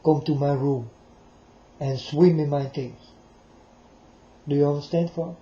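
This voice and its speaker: On the high side and warm, this man's voice moves at a measured pace with fairly even intonation and long pauses. He delivers a rambling, preachy monologue addressed right to his listeners, repeating himself along the way, captured on a roomy, dull lo-fi recording.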